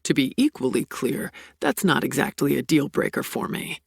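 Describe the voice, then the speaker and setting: A woman voicing a domineering, seductive man with a low growling murmur in an audiobook. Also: moderate pace, gravelly, slightly rough, no echo, clean studio sound, heavily acted. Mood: angry.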